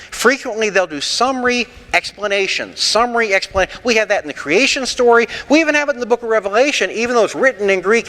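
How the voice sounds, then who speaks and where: A man leading an interactive sermon class, animated and rhetorical with a sarcastic streak, taking questions from the room in a church. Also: high voice, long reverb tail. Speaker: pastor teaching a Bible class.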